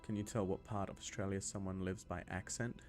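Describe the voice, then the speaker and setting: A man's voice: low voice, fairly even intonation, a little fast, darkish tone, faint music behind. A young man from Scotland giving loose, rambling gameplay commentary and answering chat questions, with plenty of ums and restarts. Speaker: gaming video host.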